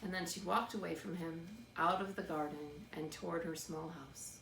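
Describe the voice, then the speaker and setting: A woman narrating a children's book in a steady, expressive read-aloud. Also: fairly low pitch, moderate pace, creaky. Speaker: storybook reader. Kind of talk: scripted narration. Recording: roomy, distant mic, faint background noise.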